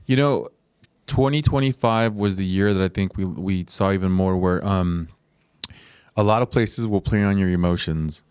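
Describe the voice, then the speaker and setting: A man's voice: low voice, moderate pace, a little mellow, clean tone, no room sound. A man co-hosting a dental clinic podcast, giving frank opinions in casual chat.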